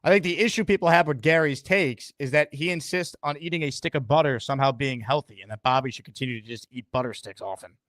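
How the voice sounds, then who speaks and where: Man, stream host, upbeat, slightly high voice, dry close sound, talks to viewers. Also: quick pace, few pauses, a bit bright, no room sound. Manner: upbeat, addressing viewers and callers. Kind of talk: live-stream fan show hosting.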